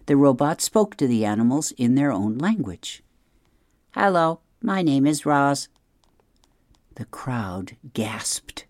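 A narrator reading a children's chapter book aloud in an expressive, lively way. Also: mid-range voice, no echo. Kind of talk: storybook read-aloud.

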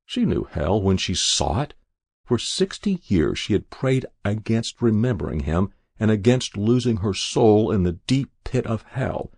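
Gravelly low-voiced man narrating a story. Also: big pitch swings, a little slow, darkish tone, no room sound, studio quality. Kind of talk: scripted narration.

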